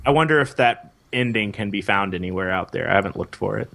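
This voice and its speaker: A man's voice: fairly low pitch, fast talker, vocal fry, a bit bright. A man hosting a casual film podcast, enthusiastic and asking his co-hosts questions. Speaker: podcast host.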